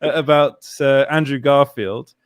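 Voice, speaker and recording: A man hosting a casual film chat, relaxed and rambling with many restarts. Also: medium pitch, a little slow, clear, resonant tone, no room sound, studio quality. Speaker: interviewer, film site writer.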